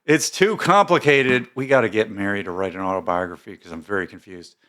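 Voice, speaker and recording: A man's voice: fairly low pitch, a little fast, a bit bright. A man hosting casual commentary, reading posts aloud with bemused, rambling asides and many fillers. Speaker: commentary host.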